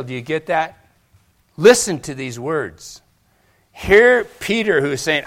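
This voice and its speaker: A man's voice: mid-range voice, unhurried. A man preaching a sermon, retelling scripture dramatically and acting out the voices in the quotes.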